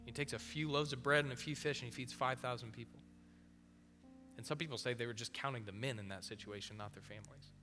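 Male preacher, casual and animated storyteller, bright forceful voice, long hall echo. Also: mid-range voice, fast. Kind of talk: sermon. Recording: long hall reverb with faint music.

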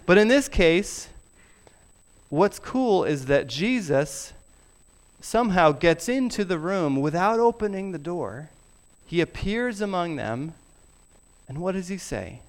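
A middle-aged man preaching a sermon, emphatic and deliberate, sometimes dropping his voice very low. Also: sing-song. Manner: slow, emphatic preaching with soft drops to near whisper. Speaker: pastor.

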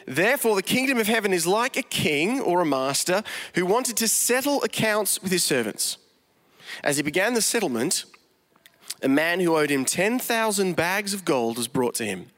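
A man preaching a sermon to an online audience, reading scripture and retelling it as an animated storyteller. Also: high-pitched, unhurried, long reverb tail. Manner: animated storyteller, acts out the voices.

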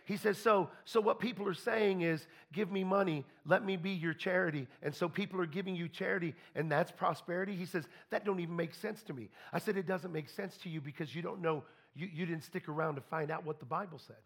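A man with a high voice preaches a storytelling sermon briskly, with few pauses. His folksy style is full of repeats and restarts, and he acts out conversations by quoting people in dialogue.

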